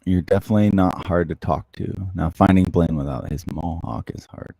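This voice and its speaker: A man hosting a casual livestream, chatting softly and closely into the microphone as he answers viewer comments. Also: low-pitched, moderate pace, gravelly, dry recording, highs cut off. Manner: soft-spoken, close to the mic. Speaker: livestream host.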